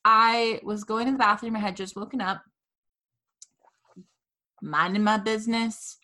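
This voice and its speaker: Woman, podcast host, casual chat, dramatic profane storytelling, bright tone. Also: a little high, fairly even intonation, unhurried.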